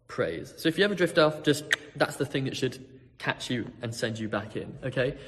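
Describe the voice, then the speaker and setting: A male pastor with a medium-pitched voice tells a story vividly during his sermon, swinging between hushed and loud tones. His voice trails off into a long reverb tail.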